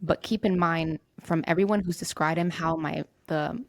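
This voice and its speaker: A woman's voice: deep voice, steady tone, moderate pace. A young woman hosting a podcast, telling a true-crime story in a loose, conversational way and swearing casually. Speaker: podcast host.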